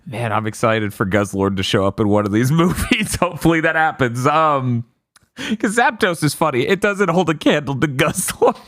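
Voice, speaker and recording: A man's voice: fairly high pitch, animated, moderate pace, a bit bright, dry recording, clean studio sound. A man co-hosting a podcast, casually recapping a movie and laughing often. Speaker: podcast co-host. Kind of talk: casual movie review chat.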